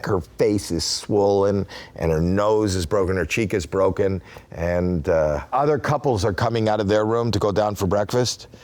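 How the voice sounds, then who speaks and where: A man in his sixties speaks with a somewhat low voice as an interview guest. He tells stories in an animated way, laughs often, and briefly acts out the voices of the people in them. The talk is casual and keeps tumbling forward. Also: normal speed. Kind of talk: casual storytelling.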